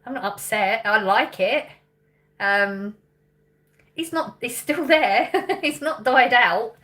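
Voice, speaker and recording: A woman's voice: a little high, takes it slowly, bright, forceful tone. A woman in her thirties from England, chatting casually on a livestream, reading out viewer questions, thinking aloud and laughing often. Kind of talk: casual live chat.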